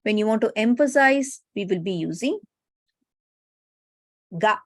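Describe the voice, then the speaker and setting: A woman with an Indian English accent teaches a Japanese grammar lecture in an online class, explaining patiently and often tagging sentences with "no?" and "right?" to check in. Her mid-range voice has lively intonation and an unhurried pace. The studio sound is clean, with no echo.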